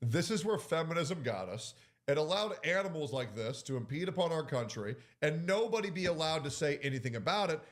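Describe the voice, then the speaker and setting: A man's voice: on the high side, animated, brisk. A man giving heated, sarcastic commentary in a ranting way.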